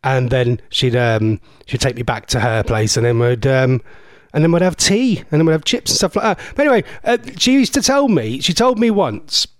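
A man's voice: medium pitch, moderate pace, dry recording. A man, hosting a radio show in a rambling, chatty way, talking into a studio microphone. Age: 40s. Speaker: radio host. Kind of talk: casual radio chat.

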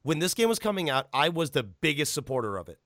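Male podcast host, casual rant, profane and animated, slightly high voice, dry close sound. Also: quick pace, no echo. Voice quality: animated, ranting, profane, jumps to high pitch for emphasis. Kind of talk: casual chat.

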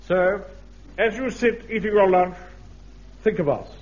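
An actor playing a pompous, self-important middle-aged Home Guard captain in a radio sitcom. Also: male voice, high-pitched, measured pace. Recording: muffled old radio recording with hiss.

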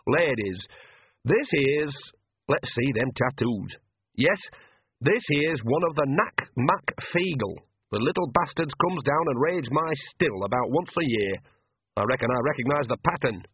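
A bawdy old witch talks with blunt, earthy shamelessness, as a male narrator puts her on. The voice sits well above his own and stays lively, with a husky edge. It sounds tinny and dry, like a phone line. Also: mid-range voice, a little slow, no echo, pitched above the performer's own voice.

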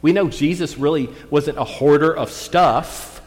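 A man preaching a sermon as pastor, talking in a folksy, conversational way and reading scripture slowly. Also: on the high side. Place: church sanctuary. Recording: long church reverb.

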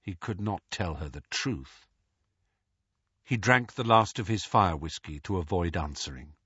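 A man reading an audiobook in a measured, expressive way. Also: deep voice, slightly rough, dry recording, highs cut off. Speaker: audiobook narrator. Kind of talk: audiobook narration.

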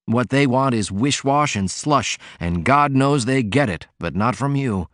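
A man's voice: medium pitch, lively intonation, unhurried, dry recording, clean studio sound, voice pushed up, close to an everyday voice. A man voicing a sickly, sardonic man with a mocking, cutting way of talking.

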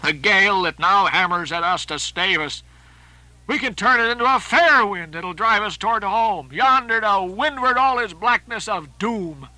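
A man reading an audiobook and voicing a grave, anxious first mate on a ship, urgent and emphatic with drawn-out stresses. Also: high-pitched, bright, forceful tone, no room sound, pitched above the performer's own voice, rough recording. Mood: grim.

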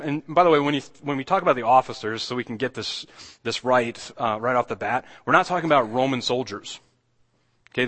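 A man's voice: mid-range voice, fairly bright tone, in a large hall. A man preaching a sermon as pastor, talking in a loose conversational way with many restarts and acting out the quoted lines.

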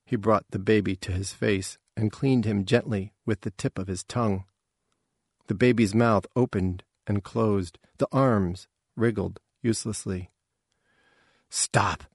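A man narrating a story at a slow, measured pace. His voice is husky, a middle pitch, and the recording is close and dry with no room around it. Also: steady tone, darkish tone, dry recording. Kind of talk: audiobook reading.

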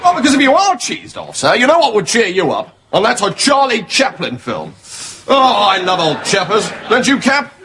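A man's voice: high-pitched, wildly swooping pitch, normal speed, creaky, pushed and bright, heavily acted. A man playing a naive young officer in a studio sitcom, hearty and gushing. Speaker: lieutenant.

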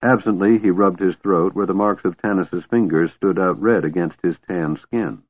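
A man narrating an audiobook in a measured storytelling way. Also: deep voice, no room sound. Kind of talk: scripted narration. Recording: thin phone-like dry recording.

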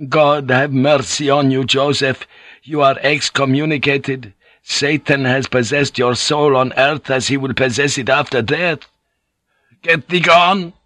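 A man's voice: mid-range voice, steady tone, slow pace, sharp tone, dry recording, pitched above the performer's own voice. A man voicing a stern, grave priest leader in an audiobook reading. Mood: grave commanding. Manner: commanding, grave.

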